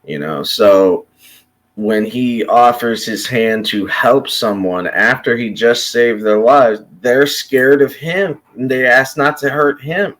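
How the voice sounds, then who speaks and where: A man from Chicago rants in an unscripted monologue, swearing freely and talking with blunt conviction. He speaks slowly and deliberately at a middling pitch. He often trips over his words and restarts his sentences as he pushes his point. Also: fairly bright tone. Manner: profane, impassioned, blunt. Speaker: commentator.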